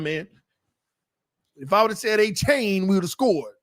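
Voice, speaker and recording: A young man hosting a live watch party, calling plays and bantering with his viewers in casual slang, swinging between hype and low mutters. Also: moderate pace, long pauses, no echo, clean studio sound. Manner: excitable, jumps between hyped play-calling and low muttering asides. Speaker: sports watch party host. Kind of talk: live game commentary and chat.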